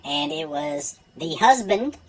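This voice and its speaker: A man relaxedly recounts a true personal story, blunt and full of profanity. His high-sitting voice rises and falls a lot and moves at a slow pace. The audio quality is poor.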